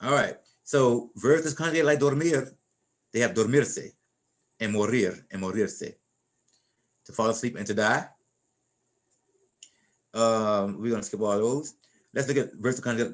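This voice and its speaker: A man's voice: on the low side, moderate pace, pauses often. A middle-aged man teaching a Spanish class in an informal, folksy way, often repeating and restarting his words.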